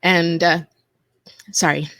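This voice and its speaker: Woman recalling a disaster, halting. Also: lowish voice, flat delivery, fairly bright tone, dry recording, clean studio sound. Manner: halting, with restarts and self-corrections. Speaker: interview guest, attack survivor. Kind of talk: emotional personal testimony.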